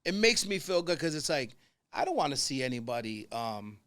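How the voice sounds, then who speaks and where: A man, a construction consultant chatting as a podcast guest, telling animated stories and acting out the people in them. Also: mid-range voice, brisk. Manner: animated storyteller, acts out quoted people. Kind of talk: casual conversation.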